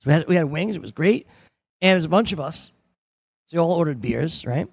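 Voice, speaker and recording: A man's voice: a little high, lively intonation, a little fast, creaky, breathy edge, no echo. A young adult man hosting a sports radio show, telling a story with lots of animation and repeated words. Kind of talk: casual chat and read promo.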